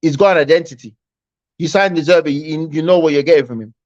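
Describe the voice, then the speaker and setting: A man, arguing about football in a casual, animated chat. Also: on the high side, quick pace. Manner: animated, argumentative, repeats himself. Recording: dull lo-fi stream audio.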